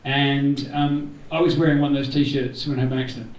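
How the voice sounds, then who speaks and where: Fairly quick and with little pitch movement, a man's mid-range voice carries a casual thank-you speech to those gathered. As the event organiser, he meanders a bit and cracks jokes along the way. The community room is large and echoing, and the mic picks him up from afar.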